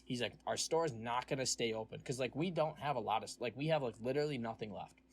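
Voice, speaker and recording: A man's voice: medium pitch, fast talker, slight background noise. A young man hosting a casual podcast, telling a long, profane story about his job and acting out what others said. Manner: ranting storytelling, profane, acts out quoted voices. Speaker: podcast host. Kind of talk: casual chat.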